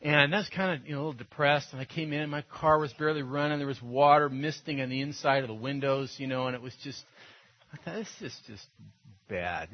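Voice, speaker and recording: A man's voice: a little high, flat delivery, fast talker. A man, a pastor preaching a sermon in a loose, conversational storytelling way, with frequent laughs and filler. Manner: conversational, anecdotal, laughs often. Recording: dull lo-fi sound.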